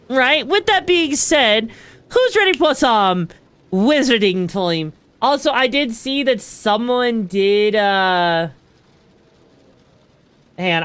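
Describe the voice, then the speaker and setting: A woman's voice: mid-range voice, a bit bright, smooth. A woman streamer chatting casually as she sets up a game, rambling with lots of fillers and casual swearing. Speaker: VTuber streamer. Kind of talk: casual gaming stream chat.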